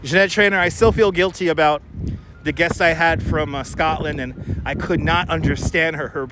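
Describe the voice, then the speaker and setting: A man's voice: on the high side, fairly even intonation, normal speed, over music. A man hosting a casual live stream while walking city streets, chatting and answering viewer comments on a clip-on mic. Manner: chatty, rambling, reads viewer comments aloud. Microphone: wireless clip-on mic.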